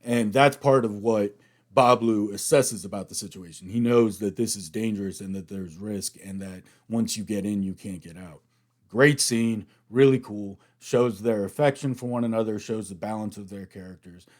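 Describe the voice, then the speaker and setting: An American man hosting a reaction video, chatting through an episode recap in an animated way. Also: fairly low pitch, normal speed. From United States. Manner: chatty, animated retelling, acts out quotes.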